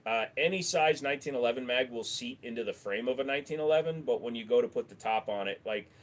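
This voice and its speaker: A man's voice: medium pitch, fast. Rambling man hosting a livestream. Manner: rambling, offhand, swears freely. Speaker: livestream host. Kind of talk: casual livestream chat answering viewers. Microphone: desk microphone.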